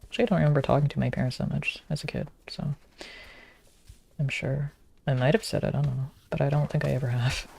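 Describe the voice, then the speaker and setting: A woman's voice: extremely low pitch, steady tone, quick pace, gravelly, darkish tone, breathy edge. A woman streaming a game, chatting casually and teasing her viewers.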